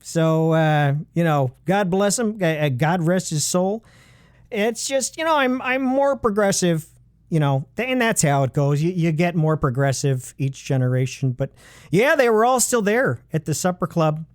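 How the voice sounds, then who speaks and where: A man hosting a comedy show, rambling, halting and full of fillers and restarts. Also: on the high side, animated, dry recording, clean studio sound. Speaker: comedy podcast host. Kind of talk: deadpan rambling comedic monologue.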